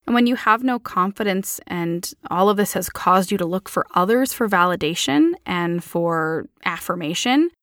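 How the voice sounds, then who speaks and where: A woman co-hosting a podcast who explains an idea in a measured way, laying it out point by point. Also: on the low side, expressive, fairly bright tone, no room sound, clean studio sound. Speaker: podcast co-host. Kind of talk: explanatory talk.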